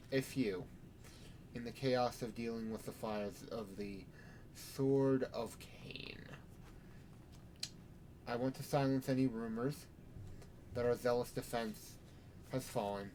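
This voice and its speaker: Guy doing a vampire preacher giving a big solemn sermon, measured and grand. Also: medium pitch, a little mellow, a little hiss or hum, close to an everyday voice.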